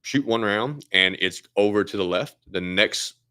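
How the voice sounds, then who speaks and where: A man's voice: fairly low pitch, a little slow, pushed and bright, no echo. A man working as a firearms instructor, casually explaining a drill step by step with frequent fillers.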